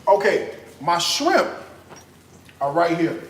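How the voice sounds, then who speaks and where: A high-pitched man with a very lively, swooping voice talks viewers through a recipe in a relaxed, unhurried way. He breaks into whoops of delight now and then, and the kitchen sounds roomy and echoey. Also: slight background noise. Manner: exuberant, bursts into high whoops and moans of delight; chatty, addresses viewers directly. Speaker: cooking channel host. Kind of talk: casual cooking vlog talk. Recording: echoey room.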